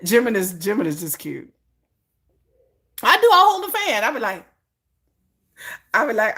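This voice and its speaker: A woman's voice: fairly high pitch, big pitch swings, normal speed, pauses often, fairly bright tone. A woman chatting casually as a vlogger, laughing often and acting out little scenes in playful voices. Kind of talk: casual chat.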